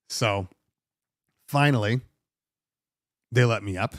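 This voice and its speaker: A middle-aged man, host of a DJ podcast, spins a casual story in an animated, fed-up way and swears freely. His voice sits at a medium pitch, and the recording is dry with no room echo. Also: moderate pace.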